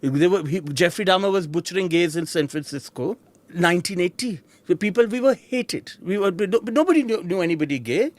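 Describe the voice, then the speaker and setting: A man's voice: high voice, a little fast, no room sound. A middle-aged man with an Indian accent, telling personal stories as an interview guest and acting out the voices of the people in them. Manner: animated, mimics voices of people in his stories. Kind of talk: personal storytelling.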